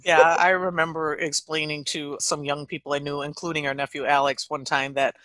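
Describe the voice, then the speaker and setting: Bright lively woman telling a story on a podcast, lots of laughs, dry recording. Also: deep voice, brisk, no room sound. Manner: animated, laughs often mid-story. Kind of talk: casual storytelling chat.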